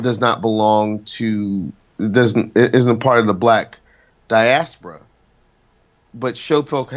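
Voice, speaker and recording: A man's voice: mid-range voice, muffled recording. A man, a singer as interview guest, talking casually and rambling with many restarts and fillers.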